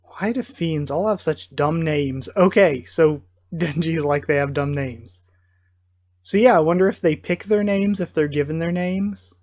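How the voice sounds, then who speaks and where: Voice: medium pitch, a little slow, darkish tone, no room sound, clean studio sound. A YouTuber reading a manga aloud and chatting about it, wondering aloud with frequent ums. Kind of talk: casual comic readthrough with commentary.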